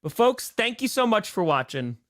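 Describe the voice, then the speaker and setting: A man's voice: high-pitched, sing-song, moderate pace. An upbeat man co-hosting a casual sports podcast, bantering and joking. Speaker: podcast co-host.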